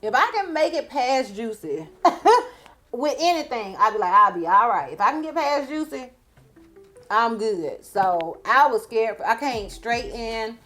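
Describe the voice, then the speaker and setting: A woman's voice: fairly high pitch, expressive, unhurried, a bit bright, faint music behind. Chatty woman telling a story. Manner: chatty, laughs often, acts out quotes. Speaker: beauty vlogger. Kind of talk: storytime vlog.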